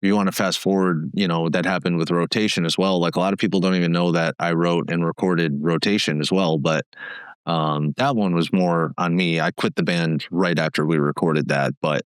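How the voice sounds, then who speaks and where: Low-voiced man telling band stories. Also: steady tone, moderate pace, smooth, dry recording. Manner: casual, frank, swears, lots of fillers. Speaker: guest musician. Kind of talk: candid conversational storytelling.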